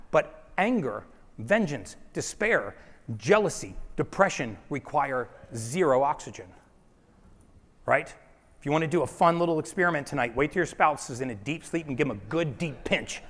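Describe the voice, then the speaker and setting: A man giving a lively seminar talk to a live audience, firing questions at the crowd and leading them through a group exercise. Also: a little high, normal speed. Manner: energetic, rallying the audience with questions. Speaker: health speaker. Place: large hall before a live audience. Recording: echoey hall.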